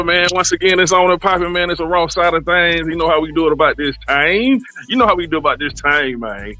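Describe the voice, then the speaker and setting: A man hosting a comedy podcast with a loud, rowdy monologue, dropping to low mutters and jumping to high exclamations. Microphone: desk mic, livestream.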